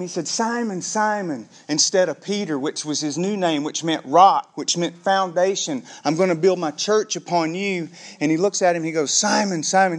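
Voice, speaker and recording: Pastor guy preaching, higher voice, lively and chatty, talks to the crowd like friends. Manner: animated, conversational preaching, addresses the congregation as "gang". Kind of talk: sermon.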